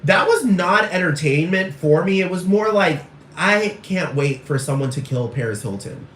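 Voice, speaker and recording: A man's voice: high voice, expressive, normal speed, fairly bright tone. Man, casual rant, repetitive and swearing, distant from the mic, faint background hiss. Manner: rambling, repetitive and profane. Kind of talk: casual ranting monologue. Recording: echoey room, far from mic, faint noise.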